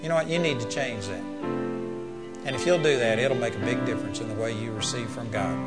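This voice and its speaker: Over loud music, an older man with a medium-pitched voice delivers a brisk sermon. He recounts something from his own life and works up to forceful appeals to those listening.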